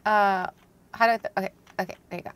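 A young woman co-hosting a stream, chatting casually while playing a chaotic cooking game. She is giggly and flustered, and talks in quick bursts. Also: medium pitch, fairly even intonation, fairly bright tone. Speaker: co-host streamer. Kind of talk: casual gameplay chat.

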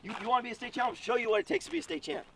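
A man voicing a gruff, demanding wrestling coach who barks orders. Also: very high voice, expressive, very fast, bright, forceful tone, heavily acted. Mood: stern. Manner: barking orders. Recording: distant mic with faint background noise.

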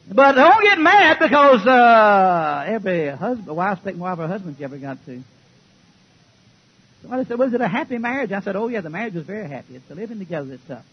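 A man preaching a fiery sermon to a church congregation, folksy and joking, sometimes shouting. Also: high voice, breathy edge, dull audio.

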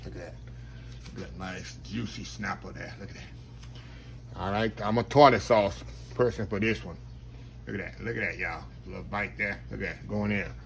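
A man hosting a casual home cooking video, folksy and chatty, talking to viewers as "y'all" and dropping to a low murmur while he tastes. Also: moderate pace, vocal fry, fairly bright tone, slight background noise. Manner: folksy, keeps saying "y'all". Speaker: cooking channel host.

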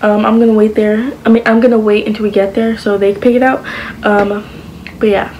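A woman's voice: medium pitch, little pitch movement, brisk, darkish tone, slight background noise, poor audio. A woman vlogging in a casual chat to the camera, rambling along with lots of fillers and restarts.

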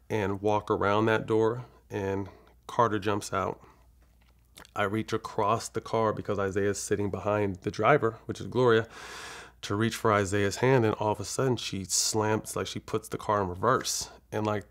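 A man from California, a guest in an interview, telling a long personal story frankly and with profanity, acting out the dialogue as he goes. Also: on the low side. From California, USA. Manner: rambling, with frequent restarts.

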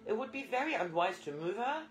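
A man voicing a gallant young male Highland laird who talks with stiff, flustered politeness. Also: very animated, a little fast, faint music behind, poor audio. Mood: flustered formal.

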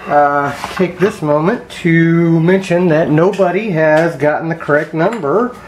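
A man casually talking viewers through picking a lock at his home workbench, thinking aloud with frequent ums and quiet mutters. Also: a little high, measured pace, a little hiss or hum. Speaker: lockpicking hobbyist. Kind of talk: casual hands-on demonstration vlog.

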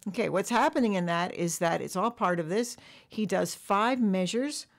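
A woman drum teacher walking through a software tutorial, explaining step by step. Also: medium pitch, lively intonation, moderate pace, gravelly. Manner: explanatory, counts bars aloud along with the music.

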